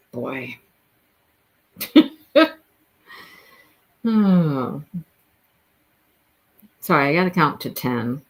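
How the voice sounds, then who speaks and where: Middle-aged woman, crochet stream host, slow rambling chatter with frequent laughs. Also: low-pitched. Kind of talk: casual livestream chat while crocheting. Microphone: phone.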